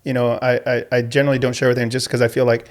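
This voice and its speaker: A man's voice: mid-range voice, level tone, rapid-fire. A middle-aged man, a teacher and coach, telling stories in an interview in an earnest, modest way with many restarts. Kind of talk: conversational interview storytelling.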